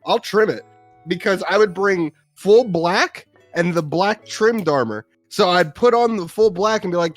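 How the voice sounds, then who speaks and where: High-pitched guy co-hosting a gaming chat, jumps all over the place, dry mic, some music low in the back. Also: moderate pace, no echo. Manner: animated storyteller, acts out his younger self. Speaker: podcast co-host.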